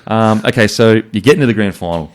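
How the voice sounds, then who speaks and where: A male podcast host asking questions in a relaxed, blunt way, his speech full of "like" and the occasional swear word. His voice sits a little low. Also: fast talker, slight background noise. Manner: blunt, says like a lot, swears. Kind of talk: casual interview chat.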